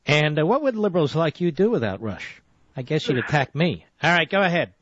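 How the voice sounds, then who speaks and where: A man's voice: on the high side, very animated, a little fast, fairly bright tone, dry recording. A man hosting a call-in radio show, lecturing a caller insistently and cutting him off to press his point. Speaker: radio talk show host. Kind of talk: combative call-in radio debate. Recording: dull, dry lo-fi radio audio.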